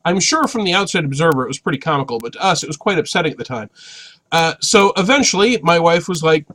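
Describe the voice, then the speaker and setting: Lively, bright-voiced man telling a tale. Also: fairly high pitch, fast talker. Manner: animated, wry storytelling with bursts of shouting. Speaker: storyteller. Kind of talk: comic personal anecdote.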